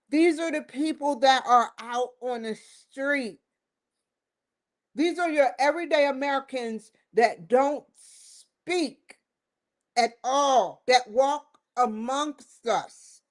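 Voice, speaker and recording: A woman's voice: on the high side, slow. A woman hosting her own show, giving an emphatic, rambling opinion commentary that circles back and repeats points. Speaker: show host.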